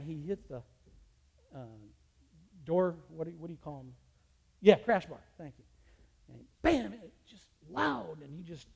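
Animated man telling a story in a hall. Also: high voice, vocal fry. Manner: animated, voice rising sharply in retold scenes. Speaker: teacher. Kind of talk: storytelling testimony. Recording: long reverb of a large hall.

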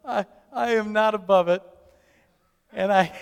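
Older man, grandfather type, halting self-mocking storyteller, high-pitched and gravelly. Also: long reverb tail. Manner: halting, repeats words, self-mocking humor. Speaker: grandfather telling a family story. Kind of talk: personal storytelling.

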